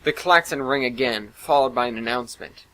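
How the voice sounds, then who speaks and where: A man's voice: medium pitch, fairly quick, sharp tone, poor audio. A man narrating a first-person science fiction story in an earnest, dramatic reading.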